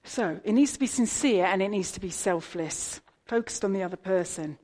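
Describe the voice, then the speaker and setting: A woman's voice: mid-range voice, normal speed, a little mellow. A British woman in her fifties giving a sermon in a chatty, conversational way, with asides to the congregation. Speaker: preacher.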